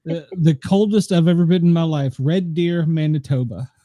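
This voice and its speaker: Laid-back man from the US South, warm tone. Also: fairly high pitch, fairly even intonation, moderate pace, no room sound. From Southern United States. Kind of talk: casual storytelling.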